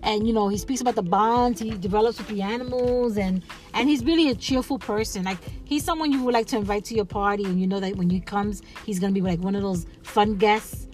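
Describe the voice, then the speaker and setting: A woman's voice: mid-range voice, brisk, a little mellow, soft background music. A woman hosting a casual solo podcast, chatting in a rambling way with lots of fillers, restarts and laughs. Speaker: podcast host.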